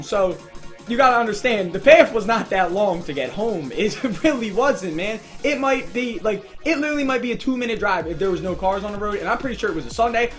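A high-voiced young man spins a loose, rambling storytime while playing a game, slipping into loud, excited bursts as he acts out the moments. Faint game music plays under his voice throughout. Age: young adult. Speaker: gaming YouTuber. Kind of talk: casual storytime over gameplay.

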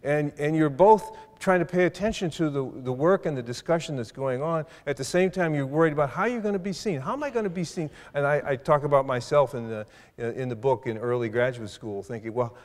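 A man's voice: fairly high pitch, brisk, darkish tone. Older man lecturing in a hall. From South Side of Chicago. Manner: thoughtful, with frequent restarts and hesitations. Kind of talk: university lecture.

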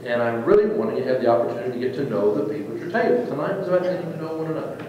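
A man, a pastor, leading a church trip meeting in an informal, joking, animated way. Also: on the high side, very fast, muffled recording, a little hiss or hum. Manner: lively, joking, animated teacher. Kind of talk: informal talk to a church group. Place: church fellowship hall. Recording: echoey hall, speaker far from mic.

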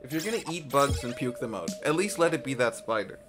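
A man streaming a game live, giving quick excitable callouts to his teammates with yelps and laughs, into a headset mic. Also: mid-range voice. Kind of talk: live gameplay commentary. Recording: loud game music behind.

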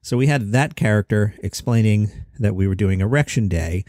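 A man's voice: lowish voice, moderate pace, a little mellow, no room sound, studio quality. A middle-aged man hosting a comedy news podcast, chatty with jokey asides. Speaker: host.

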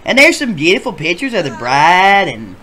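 A performer voicing a foul-mouthed, easily riled man telling a tale in a Sims machinima game show. He drops to low grumbles, then climbs into loud, incredulous shouting. His pitch swings widely the whole way through. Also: big pitch swings, moderate pace. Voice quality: profane, swings from mumbling to shouting. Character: crude rambling male storyteller, easily riled.

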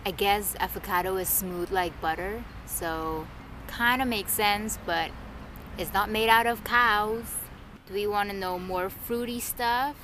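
Slow, relaxed woman teaching words. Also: medium pitch, a little hiss or hum. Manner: relaxed, thinks aloud, repeats words slowly. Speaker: language teacher vlogger. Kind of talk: casual language lesson.

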